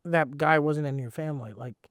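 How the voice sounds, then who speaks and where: A man's voice: on the high side, brisk, fairly bright tone, dry recording, clean studio sound. A man, a comedian guest on a podcast, chatting casually and teasing, often slipping into mock voices.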